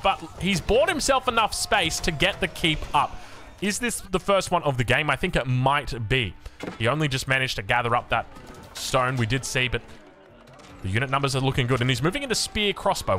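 A man's voice: mid-range voice, bright, forceful tone. A young man with an Australian accent, casting a strategy game with jokey, rambling asides. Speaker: game caster. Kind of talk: game commentary with chatty asides.

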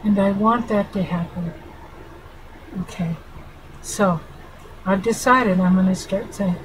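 A woman's voice: medium pitch, slow, long pauses, slight background noise, poor audio. A middle-aged woman, a family therapist, speaking earnestly and affectionately straight to her viewers in a heartfelt vlog. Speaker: family therapist and channel host. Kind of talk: heartfelt direct-to-camera vlog.

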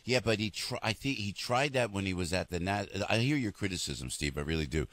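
A man's voice: sits low, brisk, dry recording. A man hosting a radio show, talking emphatically and repeating his points. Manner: animated, emphatic, repeats phrases. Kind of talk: heated talk radio conversation. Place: radio studio.

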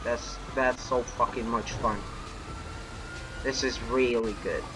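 A young man giving live commentary on a co-op game, excitable and foul-mouthed, yelling at his teammate. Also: mid-range voice, slow, noisy background. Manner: excitable, swears a lot, shouts at his teammate. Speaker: gamer playing co-op missions.

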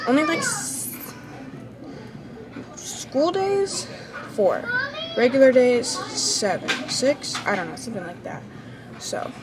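A teenage woman talks casually to the camera in a rambling vlog. Her voice sits a little high. A steady noise hangs behind her. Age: late teens. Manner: chatty, rambling. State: out of breath. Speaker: vlogger.

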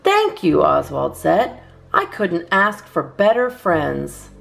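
A woman reading a children's picture book aloud in a lively, sing-song way. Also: lowish voice, slow pace, vocal fry, soft background music. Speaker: children's story reader. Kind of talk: read-aloud storytime.

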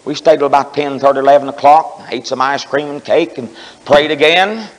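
A man preaching a camp meeting sermon, telling stories and rising into fervent shouts, recorded in a tabernacle. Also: on the high side, a little fast, long reverb tail, low-quality recording. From Ohio.

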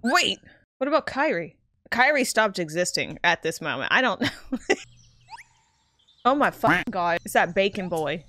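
A young woman giving animated, profane commentary as she plays a video game live, gasping and joking at the screen. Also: medium pitch, moderate pace, long pauses, no echo. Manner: animated, swearing, often laughing and gasping. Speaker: streamer. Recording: game music playing behind.

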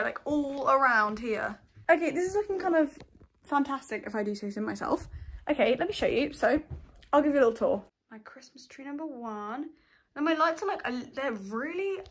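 A woman's voice: high-pitched, fairly bright tone, slight background noise. Chatty young woman vlogging. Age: young adult. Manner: chatty, rambling, frequent "literally" and "like". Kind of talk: casual vlog chat. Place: home bedroom.

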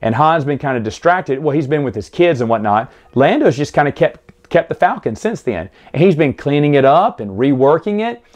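A man's voice: fairly high pitch, very animated, moderate pace, darkish tone. A man hosting a casual book recap, talking with enthusiasm and rambling through restarts. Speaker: book review host.

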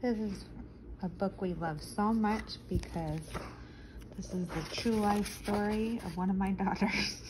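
A woman reading a children's picture book aloud, expressive and stopping to explain words to young listeners. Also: medium pitch, measured pace, noisy background. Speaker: storyteller for children.

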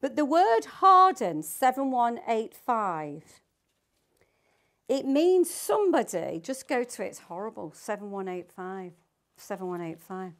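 A woman's voice: a little high, big pitch swings, unhurried, fairly bright tone. An older woman teaching the Bible to a small group, reading scripture aloud and asking her listeners emphatic questions.

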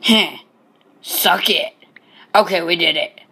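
A man's voice: sits high, slow pace, sharp tone, breathy edge. A man giving casual gameplay commentary as host of his own channel, hesitant and full of ums, joking as he goes. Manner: hesitant, many ums and restarts; chatty and joking.

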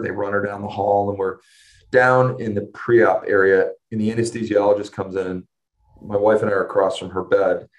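An earnest middle-aged man recounts a personal story as a guest in a conversation. His voice sits a little low, and he often restarts his sentences and pauses when the moment turns emotional. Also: poor audio. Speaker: interview guest.

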